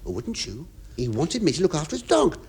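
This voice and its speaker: An English comedian hosting a radio show, telling a rambling monologue full of stammers, asides and confiding remarks to the audience. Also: male voice, fairly high pitch, huge pitch swings, a little fast. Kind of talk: stand-up comic monologue to a studio audience. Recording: hissy 1970s radio recording.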